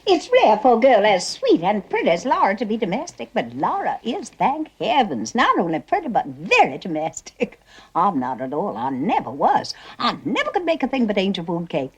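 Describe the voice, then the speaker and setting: A woman's voice: mid-range voice, wildly swooping pitch, moderate pace, slightly rough. An actress playing a faded Southern belle mother with a Southern American accent, who chatters genteelly with little laughs. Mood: gushing.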